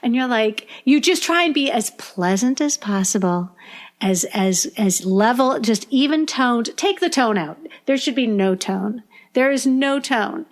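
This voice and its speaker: High-voiced, animated woman librarian. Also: unhurried. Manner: animated storyteller, acts out parents' complaints; frequent restarts and repeated words. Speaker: school librarian. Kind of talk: podcast conversation.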